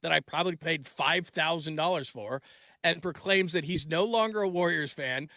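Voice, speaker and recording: Man in his 40s, sports talk host: forceful bright voice, slightly high, dry close sound, loose rambling delivery. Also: moderate pace, dry recording. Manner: rambling, restarts sentences, trails off mid-thought; gets loud and laughing when telling family stories.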